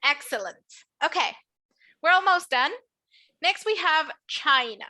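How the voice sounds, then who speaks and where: A woman's voice: high-pitched, animated, measured pace, over a noisy crowd. A woman whose first language is Spanish, teaching English pronunciation in a patient, encouraging classroom drill with careful enunciation.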